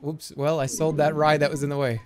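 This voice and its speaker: A man's voice: on the high side, little pitch movement, a little fast. A man in his thirties giving casual, jokey gameplay commentary as a streamer, often sounding incredulous.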